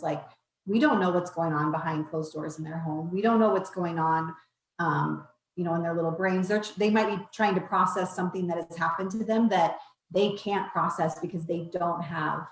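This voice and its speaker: A woman co-presenter with a somewhat low voice, talking thoughtfully and feeling her way toward each point. The sound is roomy, with a clear echo. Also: brisk. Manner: thoughtful, searching for words. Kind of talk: training presentation.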